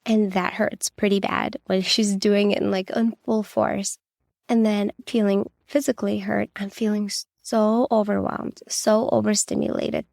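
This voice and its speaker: Woman, podcast host, gravelly fry in her voice, dry close sound, candid and reassuring. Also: medium pitch, little pitch movement, measured pace, darkish tone, no echo. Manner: candid, reassuring, with many "like" fillers. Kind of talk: personal storytelling podcast.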